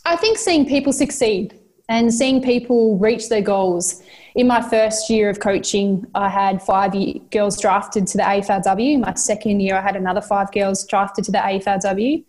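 An Australian woman coach talks through her answers with sincere, motivational conviction. She circles back and repeats words as she gathers her thoughts. Her voice sits at an ordinary middle pitch. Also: normal speed, a little mellow. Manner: heartfelt, motivational, repeats herself while thinking. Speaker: football coach, guest. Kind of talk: earnest interview answers.

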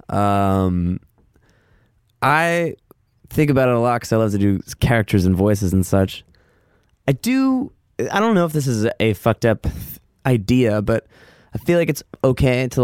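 A man's voice: clean tone, no echo, clean studio sound. A man hosting a casual solo podcast, rambling loosely with lots of swearing, filler words and self-mocking asides. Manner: loose, self-mocking, lively swings in pitch. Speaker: podcast host.

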